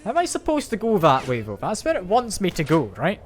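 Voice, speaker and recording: A man's voice: sits high, huge pitch swings, a little fast, a little hiss or hum. Man streaming a shooter, gunfire behind. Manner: thinks aloud, wry self-mocking jokes. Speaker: streamer playing a shooter game. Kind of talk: live gameplay commentary. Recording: loud game gunfire and ambience behind voice.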